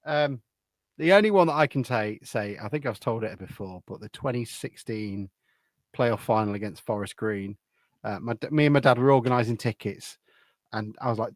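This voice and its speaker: A man co-hosting a football podcast, telling stories in a lively way and acting out the dialogue. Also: medium pitch, normal speed, no echo, studio quality. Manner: lively storyteller, acts out dialogue. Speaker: podcast co-host. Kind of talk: casual football chat.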